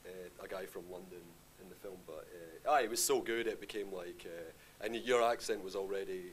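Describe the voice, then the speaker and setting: A man's voice: low voice, brisk, slight background noise. A man, a film director at a live Q&A, rambling through his answers with lots of fillers. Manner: rambling, filler-heavy, says aye often. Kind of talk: live Q&A conversation. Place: live stage event.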